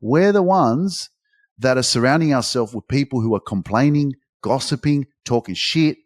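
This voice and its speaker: A man giving a motivational talk, swearing freely and climbing in pitch when he gets emphatic. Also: moderate pace. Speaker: motivational speaker. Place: Dubai.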